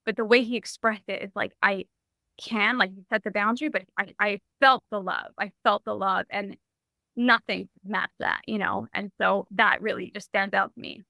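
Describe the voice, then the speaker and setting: A young adult woman sharing a personal story in a podcast interview, animated and full of "like" and restarts. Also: mid-range voice, normal speed, vocal fry, dry recording. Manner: animated, heavy use of "like", frequent restarts. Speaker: podcast guest.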